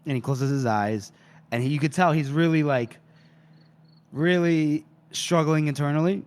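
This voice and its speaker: A man's voice: fairly high pitch, normal speed, darkish tone, clear, resonant tone. A man co-hosting a podcast, animatedly recapping a novel and laughing often. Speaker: podcast co-host. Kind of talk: casual book recap.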